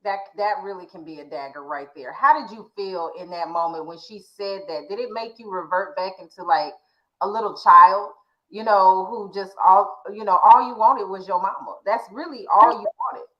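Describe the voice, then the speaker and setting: A woman hosting a faith conversation, asking probing questions with some gentle teasing. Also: mid-range voice, normal speed. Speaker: podcast host. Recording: roomy dull-sounding audio.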